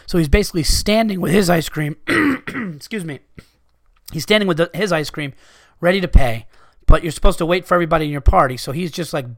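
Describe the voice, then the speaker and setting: A man's voice: a little high, fairly bright tone, no room sound, studio quality. A man hosting a podcast, ranting with profane exasperation to his listeners while recovering from being sick. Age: adult with young children. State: recovering from illness. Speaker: podcast host.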